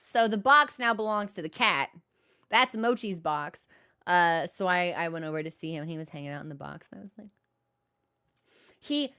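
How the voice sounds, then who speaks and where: A woman's voice: medium pitch, fairly bright tone. A young woman streaming a video game, chatting in a playful, giggly, rambling way. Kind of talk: casual gaming stream chat.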